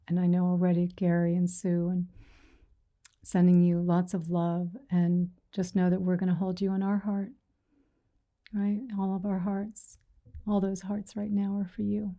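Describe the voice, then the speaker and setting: Woman meditation teacher, dark tone, even delivery, soft and reassuring, slips into whispers. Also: fairly low pitch. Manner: gentle, reassuring, soft-spoken; retells stories with quoted voices. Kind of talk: dharma talk to a sangha.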